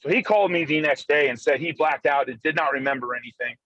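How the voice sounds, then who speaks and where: A man on a phone call from his car, telling a fast, profane, animated story in a casual chat. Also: on the high side, no room sound. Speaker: guest arm wrestler. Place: in a moving car.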